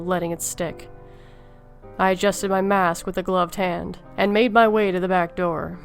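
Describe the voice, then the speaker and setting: Low, calm woman reading a horror story. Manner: calm, tired deadpan. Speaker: story narrator.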